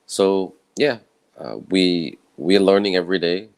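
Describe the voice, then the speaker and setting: Tired, croaky, very deep man. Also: unhurried, darkish tone, no echo, rough recording. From Malaysia. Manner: earnest, rambling with restarts. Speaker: event speaker. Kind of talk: casual personal talk. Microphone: own camera and microphone setup.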